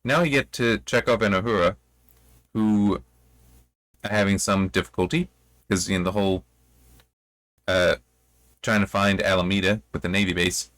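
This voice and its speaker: A man with a low voice reads from a novel and breaks off into loose, rambling commentary, correcting himself as he goes. The sound is dry and close, with no room around it. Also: fairly even intonation, moderate pace, long pauses, fairly bright tone, dry recording. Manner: rambling, self-correcting asides. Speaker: book reviewer. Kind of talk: reading aloud and commenting on a novel.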